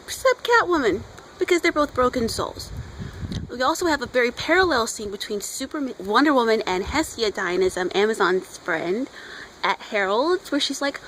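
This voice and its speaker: A woman's voice: fairly high pitch, animated, moderate pace, a bit bright, slight background noise, low-quality recording. A woman chatting casually outdoors as she reviews a comic, gushing like a fan and putting on voices for the characters.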